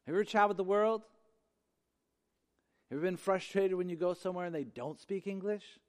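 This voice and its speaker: A man preaching a sermon as pastor, with a notably high voice. He speaks with emphasis and circles back to repeat key phrases. His voice rings out with a long reverb, as in a large sanctuary. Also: moderate pace.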